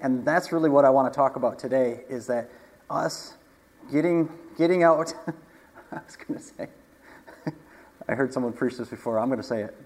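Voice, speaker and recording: A man's voice: mid-range voice, normal speed, long pauses, darkish tone. A man preaching a sermon in an easygoing, conversational way, asking his congregation rhetorical questions as he goes. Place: church hall. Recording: long hall reverb.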